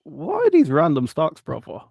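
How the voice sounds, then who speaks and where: Jokey guy running a live chat, shouting out viewers, dry no-room sound. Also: fairly high pitch, huge pitch swings, normal speed, gravelly, dry recording. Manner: upbeat, greets viewers by name, jokey. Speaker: livestream host reading chat. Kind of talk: casual livestream chat.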